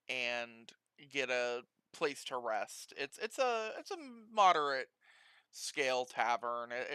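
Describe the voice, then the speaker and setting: A man's voice: mid-range voice, pushed and bright, clear, resonant tone, no room sound. A man narrating as game master of a tabletop game, rambling loosely and laughing often at his own jokes.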